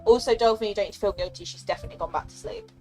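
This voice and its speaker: A young woman streams a game and chats casually and emotionally with her viewers, giggling and thanking them often. She speaks very fast at a medium pitch with a darkish tone, with faint music behind her.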